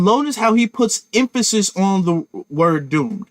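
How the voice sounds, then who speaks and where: High-voiced man ranting to his viewers. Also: very animated, unhurried. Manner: emphatic, talks to viewers directly, repeats and restarts. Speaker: commentary channel host. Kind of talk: political commentary rant.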